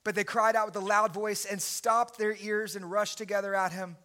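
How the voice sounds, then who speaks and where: A man preaching a sermon as pastor, impassioned and at times shouting. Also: high voice, flat delivery, normal speed.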